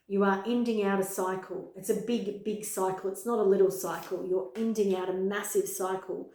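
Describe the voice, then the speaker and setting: A woman's voice: mid-range voice, a little mellow. A woman giving a pick-a-card tarot reading to camera, earnest and emphatic, repeating key words for weight. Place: home room with her dog nearby. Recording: echoey room.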